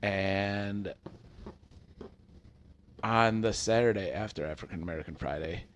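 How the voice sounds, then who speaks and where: A man hosting a casual chat, telling work stories in an animated way. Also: measured pace, slight background noise. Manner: animated storyteller, acts out quoted customers in high voices. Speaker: podcast host.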